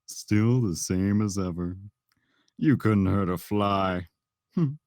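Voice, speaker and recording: A woman voicing a cursed crocodile-headed dog creature with a sultry, slow, taunting female voice. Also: very deep voice, darkish tone, dry recording, studio quality, voice pushed down. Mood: scornful.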